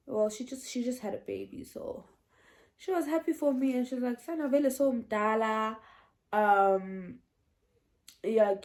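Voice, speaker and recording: A woman's voice: on the high side, a little mellow. A young woman telling a casual storytime vlog, chatty and meandering, often restarting and laughing. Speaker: vlogger.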